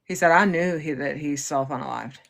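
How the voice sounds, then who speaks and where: A woman hosting a livestream, calmly paraphrasing and explaining what her guest says. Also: sits low, fairly quick, vocal fry. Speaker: livestream host. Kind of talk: relaying and explaining a guest's words.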